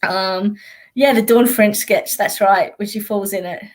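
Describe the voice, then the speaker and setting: A woman's voice: mid-range voice, fairly even intonation, slow. Blunt, sweary Australian woman. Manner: blunt, sweary, laughing often. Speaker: psychic. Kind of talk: casual live-stream chat.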